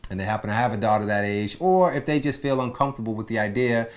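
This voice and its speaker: A man's voice: lowish voice, fast. Male talk-show host, casual and easygoing, giving relationship advice. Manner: relaxed, advice-giving, with lots of agreeing "yeah". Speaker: podcast host. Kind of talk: casual chat.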